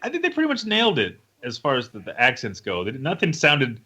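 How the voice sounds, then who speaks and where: A man talking casually on a podcast, his voice bright and lively. He swings up and down in pitch as he tells stories and laughs between them. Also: quick pace, slightly rough. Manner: animated, laughing storyteller. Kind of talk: casual chat.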